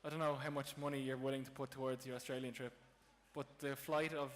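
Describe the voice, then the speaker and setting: A man's voice: medium pitch, level tone, a little fast, fairly bright tone. An Irish man answering questions as a panelist at a live convention panel, eager and joking. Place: large convention hall. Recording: reverberant convention hall.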